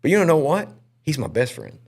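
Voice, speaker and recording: A man's voice: fairly quick, vocal fry, husky. A man who is a pastor and podcast host, telling a personal story in an earnest, emotional way. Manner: earnest and emotional, with lively pitch swings.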